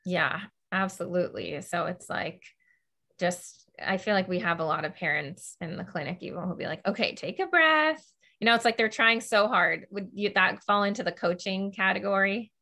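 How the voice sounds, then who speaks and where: A woman's voice: fairly low pitch, normal speed, vocal fry, bright, forceful tone. A woman hosting a podcast interview, talking in a loose, chatty way full of "like" and "you know". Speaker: host.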